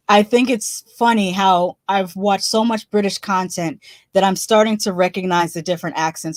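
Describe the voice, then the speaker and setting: A woman with a lowish voice hosts a casual livestream, chatting loosely, laughing often and restarting her sentences. The studio sound is clean, with no room sound.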